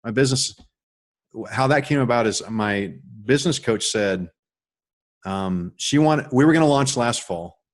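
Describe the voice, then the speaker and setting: A middle-aged man telling a personal story in a casual, rambling way, with many restarts and animated stretches. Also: mid-range voice, unhurried. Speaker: author and guest on a call.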